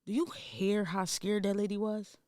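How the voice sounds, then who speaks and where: A man's voice: high voice, little pitch movement, normal speed, darkish tone, no echo, studio quality. A man co-hosting a podcast in casual chat, talking in a heated, profane, emphatic way. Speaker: podcast co-host.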